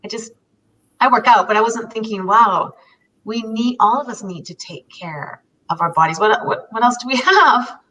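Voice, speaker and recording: A woman's voice: a little high, normal speed, pushed and bright, recorded from a distance, rough recording. A woman in her fifties, co-hosting a casual talk and telling stories in an earnest, emphatic way. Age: 50s. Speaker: co-host. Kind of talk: casual conversation about self-care.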